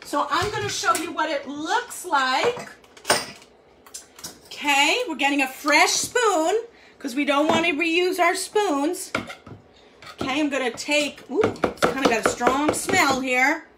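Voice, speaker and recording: Woman, high voice, chatty, upbeat, live cooking stream host. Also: slow pace, background noise. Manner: chatty, upbeat, eats and talks at once. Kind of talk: live cooking demo to viewers. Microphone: live stream from a kitchen.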